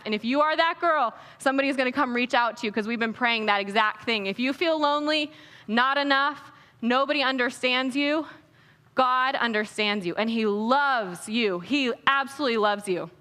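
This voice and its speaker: A young woman speaking at a conference, giving an energetic, playful and earnest inspirational Christian talk on a stage microphone in an echoey hall. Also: a little high, moderate pace. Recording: echoey hall with long reverb.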